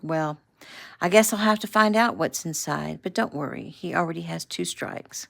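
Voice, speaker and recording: A sassy, teasing young woman from a read-aloud novel, quick to needle and sure of herself with a gun, as a woman reader puts her on. The voice sits a little low and stays close to the reader's own. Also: vocal fry. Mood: playful. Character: spirited young woman, a gun-savvy rancher's daughter.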